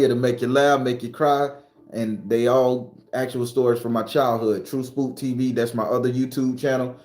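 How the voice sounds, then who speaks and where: A spiritual live-stream host with a medium-pitched, darkish voice talks loosely and profanely to his viewers during a casual stream. The room echoes, and faint music sits behind him.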